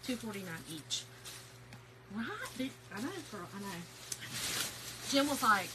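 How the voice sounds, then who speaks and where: A woman hosting a casual craft haul livestream, chatty and excitable, greeting viewers by name. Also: mid-range voice, a little slow, long pauses, background noise. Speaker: craft channel host.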